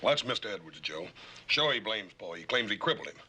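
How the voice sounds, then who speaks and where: An actor playing a big-hearted ranch son with folksy country speech in a 1960s television western. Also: male voice, on the low side, big pitch swings, quick pace, bright, forceful tone, slight background noise, full character voice.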